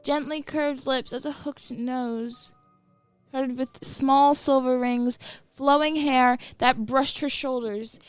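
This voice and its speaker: Woman, horror story narrator, slow dramatic reading, fairly high voice, dry close sound, faint music behind. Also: fairly even intonation, clean tone, no echo.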